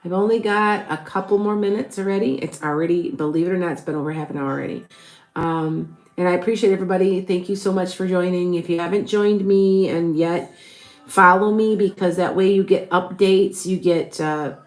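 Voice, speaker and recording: A woman with a low voice reads tarot on a live stream, answering viewer questions in a loose, chatty way full of ums and restarts. The sound is echoey, as if she is in a bare room. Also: steady tone, moderate pace, soft background music. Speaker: tarot reader and show host.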